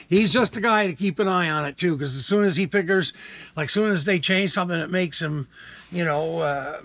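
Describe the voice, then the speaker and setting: A man's voice: a little high, a bit bright. A man, rambling casually to camera in a laid-back vlog chat. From Canada. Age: 60s. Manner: rambling, laid-back, frequent fillers and asides. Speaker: vlogger.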